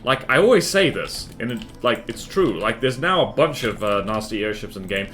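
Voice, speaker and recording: A man's voice: medium pitch, big pitch swings, moderate pace, fairly bright tone. A man streaming a game live, chatting casually and rambling with lots of fillers and self-deprecating asides. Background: faint music and keyboard typing.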